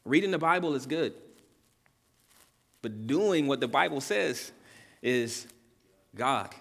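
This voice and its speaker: Male pastor, mid pitch, earnest sermon delivery that swells at climaxes, reverberant hall. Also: animated, takes it slowly, gravelly, a bit bright. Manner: earnest preaching, repeats key words for emphasis; builds in pitch and volume on climaxes.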